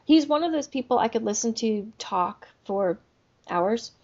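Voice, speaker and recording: A woman's voice: a little high, animated, measured pace, a little mellow, lo-fi sound. A woman co-hosting a book podcast, chatting casually in an easygoing way. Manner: easygoing, laughs along often. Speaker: podcast co-host. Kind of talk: casual chat.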